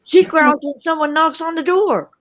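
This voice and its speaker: A woman's voice: sits high, moderate pace, a bit bright, slight background noise. A woman chatting easily as a guest on a call, laughing along, heard over dull lo-fi call audio. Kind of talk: casual chat.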